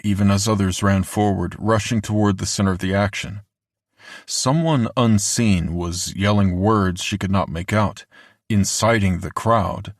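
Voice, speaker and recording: A man reading a horror audiobook in a measured, deliberate way, slowing down for the grim moments. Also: sits low, no echo, clean studio sound. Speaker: audiobook narrator. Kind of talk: scripted horror narration.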